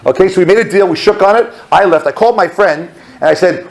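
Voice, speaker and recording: A man in his thirties from the American South speaks as a rabbi, telling a personal story to a crowd. His voice sits a bit high and has a gravelly edge. He talks in a loose, animated way, full of fillers, and he slips into other people's voices as he acts out the dialogue. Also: quick pace, hardly any pauses, rough recording. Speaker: rabbi giving a talk. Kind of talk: storytelling talk to an audience.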